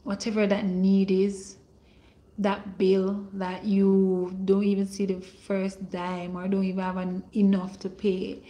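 Woman livestream preacher, talks slow, blesses viewers by name, declares miracles coming. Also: medium pitch, completely flat delivery, lo-fi sound. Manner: slow and warm, calling out viewers' names and blessing them. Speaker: online minister hosting a livestream. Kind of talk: livestream greetings and prayer.

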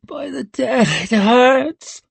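A woman's voice: fairly high pitch, measured pace, vocal fry, darkish tone, breathy edge, no room sound, voice pushed up, full character voice. A man voicing a young woman seer, feverish and frightened, speaking in a strained, pleading way. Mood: pained.

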